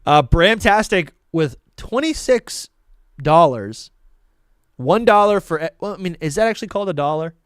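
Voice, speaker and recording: Casting: excitable male podcast co-host, slightly high voice, dry close mic, casual. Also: normal speed, clear, resonant tone, no echo. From New England. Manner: excitable, reads super chats, laughs often. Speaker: podcast co-host reading donations. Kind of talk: casual live-stream chat.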